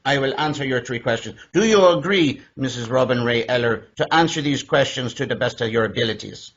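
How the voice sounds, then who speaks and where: A man with a husky voice playing a formal, mock-solemn male visitor from the stars, recorded in dull lo-fi. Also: medium pitch, a little fast, a bit bright, voice pushed down.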